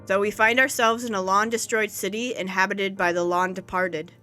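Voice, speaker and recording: A woman voicing a wry, practical male rogue with a brisk manner. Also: medium pitch, flat delivery, sharp tone, lightly acted.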